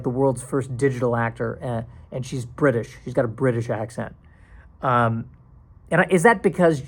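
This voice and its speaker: Rambling, self-mocking male podcaster. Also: mid-range voice. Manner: rambling, self-deprecating, slips into silly put-on voices. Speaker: podcast host. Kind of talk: solo comedic podcast monologue.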